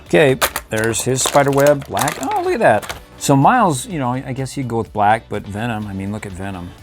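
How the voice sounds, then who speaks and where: A middle-aged man with a medium-pitched voice hosts a casual toy review at a brisk pace, chuckling playfully and making little sound effects as he poses figures. Faint music plays behind him.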